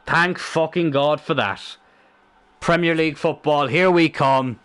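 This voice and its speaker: A young man commentating his own football game in casual let's-play style, excitable and thinking aloud, swearing freely. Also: fairly high pitch, a little slow, clean tone.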